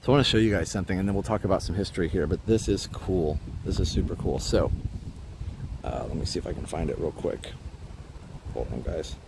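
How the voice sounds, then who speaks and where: A fairly low-voiced man from Indiana hosts a live stream while walking outdoors in a park. He rambles in a friendly, filler-heavy way and stops to greet viewers. Faint traffic hums in the background. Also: brisk, vocal fry. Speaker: livestream host. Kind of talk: casual live-stream tour talk.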